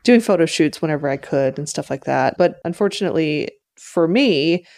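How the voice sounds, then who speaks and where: A woman guest, a makeup artist, talking through her career in a relaxed, measured way on a casual podcast. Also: deep voice, vocal fry.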